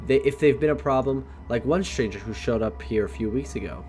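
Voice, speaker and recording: Brash young gang girl, boastful and casual, read by a man in a plain, flat voice with a middling pitch. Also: brisk, faint music behind, natural voice. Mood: casual bragging. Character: tough young female gang member, brash.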